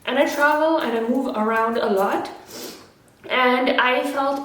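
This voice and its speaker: A woman's voice: high-pitched, measured pace, a bit bright. A young woman vlogging casually to camera, chatty and earnest, often restarting her sentences. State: a little out of breath. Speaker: lifestyle vlogger. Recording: very echoey room, faint background noise.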